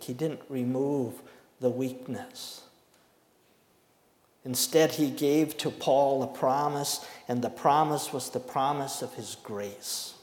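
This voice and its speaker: A man preaching a sermon, emphatic, with slow deliberate stresses and dramatic pauses. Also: mid-range voice, darkish tone. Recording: echoey hall with long reverb.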